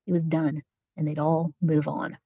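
A woman narrating a story in an even, unhurried storytelling manner. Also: deep voice, slightly rough, dry recording, clean studio sound. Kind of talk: audiobook narration.

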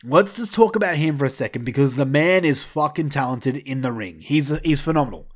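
A man's voice: a little high, very animated, moderate pace, hardly any pauses. Fired-up, foul-mouthed man ranting. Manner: blunt, heavily profane, fired up. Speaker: wrestling commentator vlogger. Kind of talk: opinionated rant.

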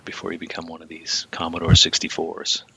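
Low gravelly man, husky and bright. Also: completely flat delivery, fairly quick. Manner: laughs often, acts out movie lines. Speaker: podcast co-host. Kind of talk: casual film discussion.

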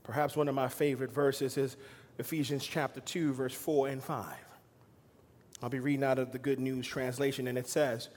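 A man preaching a sermon as pastor, swinging between loud emphatic lines and quiet, hushed asides. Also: medium pitch, flat delivery, normal speed, in a large hall. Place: church sanctuary.

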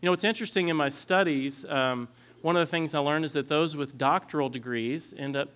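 A man in his thirties giving a candid, earnest lecture on parenting styles, often clearing his throat. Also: fairly high pitch, brisk, a bit bright. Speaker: parenting instructor.

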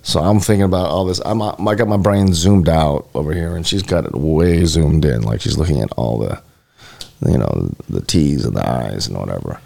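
A man's voice: very deep voice, moderate pace, creaky, mellow. A man co-hosting a live podcast, chatting casually in a loose, rambling way with lots of fillers. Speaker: podcast co-host.

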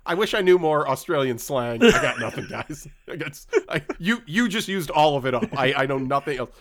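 A man's voice: fairly high pitch, expressive, fairly bright tone. Chatty man co-hosting a podcast. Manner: chatty, halting, with frequent restarts. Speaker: podcast co-host. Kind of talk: casual movie discussion.

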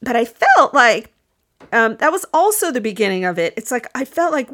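A woman's voice: fairly high pitch, sing-song, moderate pace, a bit bright. A middle-aged woman hosting a podcast, talking in a chatty, rambling, self-deprecating way with frequent restarts. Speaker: podcast host. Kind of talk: casual monologue.

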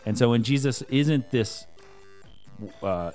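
A man's voice: medium pitch, lively intonation, slow, a little mellow, soft background music. A man, a parent and podcast co-host, chatting casually and thoughtfully about Bible stories, rambling with fillers and restarts.

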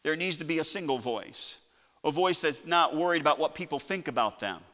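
A man preaching a sermon, building to loud shouts and then dropping to a quiet, conversational tone. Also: fairly high pitch, lively intonation, fairly quick, big-room sound. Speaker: pastor.

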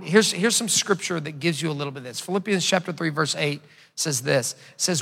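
A gravelly, bright-toned man in his thirties preaches a sermon in a conversational way and acts out stories with quoted dialogue. His voice sits a little high and rings with a long hall reverb. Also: lively intonation, a little fast. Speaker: pastor. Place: church sanctuary.

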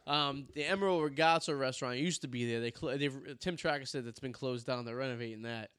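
A man's voice: medium pitch, brisk, fairly bright tone, smooth, dry recording. A man in his thirties co-hosting a casual podcast, rambling through stories with crude jokes and frequent laughs. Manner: rambling, joking storyteller. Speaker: podcast co-host. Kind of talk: casual chat.

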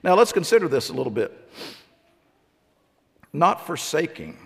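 A man's voice: on the high side, sing-song, moderate pace, gravelly, in a large hall. A middle-aged man preaching a sermon as a pastor, asking his congregation one rhetorical question after another.

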